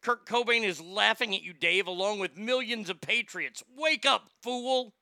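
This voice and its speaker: A man's voice: high-pitched, normal speed, gravelly, pushed and bright, no echo, clean studio sound. A male comedy host rambling through the news in a profane, sarcastic rant, often stammering and restarting.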